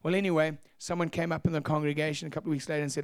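A man preaching a sermon as pastor, telling stories in an animated way and acting out voices. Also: fairly high pitch, very fast, no echo, clean studio sound. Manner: animated, acts out voices, laughs at own stories. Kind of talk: sermon storytelling.

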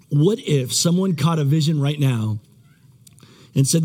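High-voiced pastor preaching a rambling sermon. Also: male voice, expressive, moderate pace, darkish tone, breathy edge. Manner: rambling, self-deprecating, conversational preaching with many restarts.

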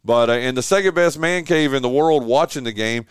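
A man's voice: mid-range voice, fairly quick, smooth, no echo, clean studio sound. A man hosting a sports radio show from his home man cave, chatting casually and joking with a guest. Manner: animated, joking, lots of fillers and restarts.

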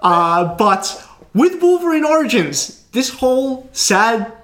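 A man's voice: extremely high pitch, big pitch swings, slow, a bit bright. A man from Australia, a podcast co-host, telling a long rambling story in casual chat, full of fillers and restarts.

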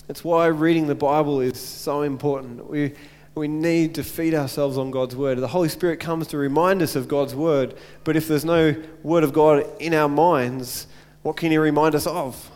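A man's voice: fairly high pitch, fairly even intonation, normal speed, hardly any pauses, a little mellow, in a large hall. A man preaching a sermon as pastor, earnest, repeating phrases and asking rhetorical questions.

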